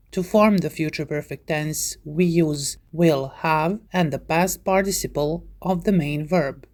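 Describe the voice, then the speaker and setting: A woman narrating a scripted English grammar lesson, reading out verb forms in a measured, deliberate way. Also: low-pitched, a little mellow. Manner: measured, deliberate delivery of word lists. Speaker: English teacher.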